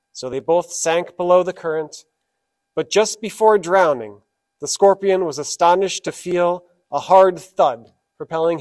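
A man preaching a sermon as pastor, telling fables and leading prayer reverently. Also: fairly high pitch. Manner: storytelling, then reverent prayer.

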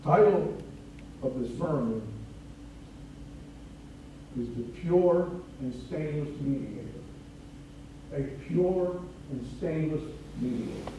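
A man preaching a sermon in a church, slow and deliberate, rising in force for emphasis. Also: a little high, animated, mellow, a little hiss or hum. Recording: echoey room from a distance.

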